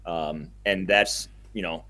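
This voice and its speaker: A young man co-hosting a casual podcast, chatting enthusiastically and rambling a little, quick to laugh. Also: low-pitched, fairly even intonation, sharp tone. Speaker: podcast co-host.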